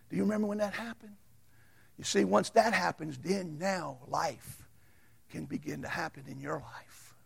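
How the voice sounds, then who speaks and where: A man preaching a sermon as a Baptist pastor, folksy and storytelling, swinging from loud to hushed. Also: on the high side, normal speed, creaky, slightly rough.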